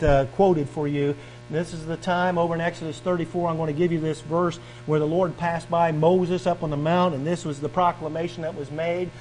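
A man's voice: on the high side, darkish tone, slight background noise, rough recording. A male pastor delivering a sermon, reading scripture aloud and driving points home with a rising and falling preaching cadence and repeated questions.

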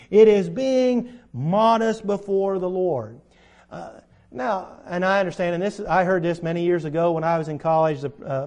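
A male preacher delivering a sermon, reading scripture and speaking emphatically, with his voice swelling and dropping in loudness. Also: high voice.

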